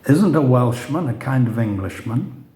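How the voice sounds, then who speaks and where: A man voicing a sweet, girlish young American wife, speaking softly and lightly while reading his story aloud in a roomy space. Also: medium pitch, expressive, moderate pace, close to an everyday voice. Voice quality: soft and light.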